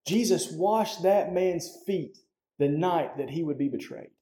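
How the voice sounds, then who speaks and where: A man's voice: on the high side, unhurried, dark tone, roomy sound. A man preaching a sermon as pastor, talking conversationally and often checking in with "right?".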